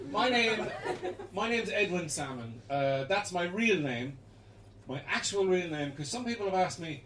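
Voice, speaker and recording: Young Irish stand-up, rambling and chuckling, high voice, caught from a distance in a roomy basement. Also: male voice, animated, moderate pace. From Ireland. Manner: rambling, chuckling through jokes, sudden shouted bits. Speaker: stand-up comedian. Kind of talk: live stand-up set. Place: small basement comedy room. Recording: echoey basement gig, distant mic, loud noise.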